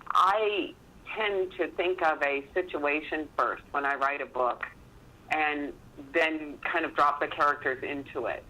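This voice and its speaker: A man as a guest author, answering interview questions in a relaxed, thoughtful way. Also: fairly high pitch, measured pace, poor audio.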